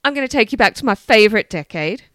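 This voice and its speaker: A woman co-hosting a true-crime chat show tells her stories with a lively, swooping pitch that rises and falls all over. Her voice is bright and forward. She swears and laughs freely, and the sound is close and dry. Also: fast, dry recording. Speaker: podcast co-host.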